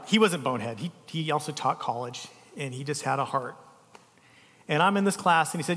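A male pastor from the United States with a slightly high voice, preaching a heartfelt sermon full of personal stories. He swings between lively emphasis and soft, tender lines. The sound carries the long reverb of a large hall. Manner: emotional, storytelling, speaks softly at tender moments.

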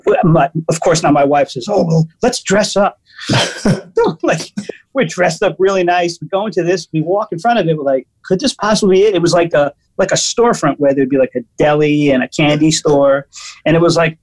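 A man's voice: fairly high pitch, normal speed, low-quality recording. A man, a guest musician, telling casual stories animatedly with lots of restarts. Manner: animated, restarts often, laughs through stories. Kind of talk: casual storytelling.

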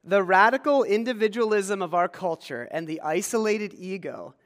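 A man's voice: sits high, animated, normal speed, fairly bright tone, long reverb tail. A man from rural Pennsylvania preaching a conversational sermon in a church, quizzing the congregation. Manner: conversational, engages congregation with questions. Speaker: pastor. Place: church sanctuary.

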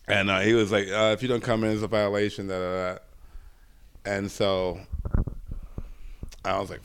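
A man, a stand-up comedian telling a long story in a casual interview, swearing often and filling pauses with "uh.". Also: lowish voice, creaky, clean tone. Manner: profane, rambling storyteller with many fillers.

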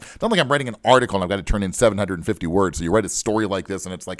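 A man's voice: lowish voice, sing-song, fast talker, few pauses, no room sound, studio quality. A man hosting a personal finance podcast, telling a long chatty story full of rhetorical "right?" asides. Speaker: podcast host. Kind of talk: storytelling monologue.

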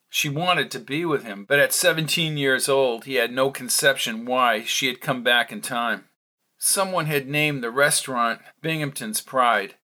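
A man reading a novel aloud as narrator, in a steady storytelling manner. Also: mid-range voice. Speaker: audiobook narrator. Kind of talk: scripted narration.

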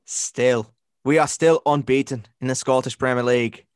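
A man co-hosting a casual sports podcast, chatting and breaking into loud commentator and accent impressions. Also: medium pitch, fairly even intonation, moderate pace, clean tone, dry recording, studio quality. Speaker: podcast co-host.

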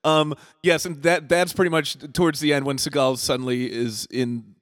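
A man's voice: on the high side, flat delivery, normal speed, fairly bright tone, no echo. A man co-hosting a casual movie podcast, making wry jokes about the film. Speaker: podcast co-host. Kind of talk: casual movie review chat.

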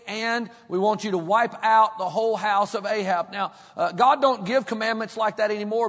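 A high-pitched male pastor, preaching in a church. He reads scripture plainly, then builds to a fervent, urging sermon. A long reverb trails every phrase. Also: a bit bright.

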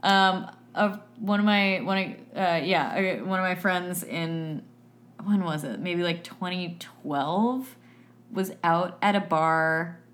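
Young woman, casual co-host, lively, reads out facts and slips into voices. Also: fairly low pitch, slow pace. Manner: animated, reads facts aloud, jumps into voices. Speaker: podcast co-host. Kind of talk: casual chat.

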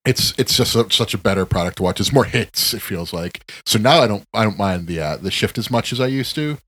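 A man co-hosting a podcast in casual chat, rambling and profane, ranting with animated emphasis. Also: lowish voice, brisk. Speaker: podcast co-host.

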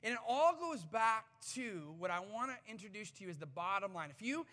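A man in his thirties preaching a sermon as a pastor, telling stories with an animated, self-deprecating manner. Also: high-pitched, a little fast. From United States. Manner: animated storytelling, self-deprecating, rising to excited peaks. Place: church sanctuary. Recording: reverberant church hall.

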